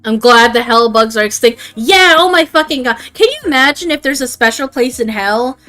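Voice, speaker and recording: A woman's voice: a little high, lively intonation, moderate pace, sharp tone, faint music behind. A young adult woman chatting casually on a livestream, rambling and swearing freely. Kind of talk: casual stream chat.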